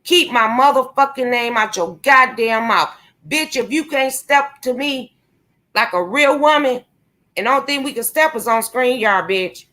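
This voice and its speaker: A woman's voice: fairly high pitch, normal speed, bright, forceful tone. A young woman vlogging a confrontational, profane rant, taunting and cursing at someone she calls out. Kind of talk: angry profane rant to camera.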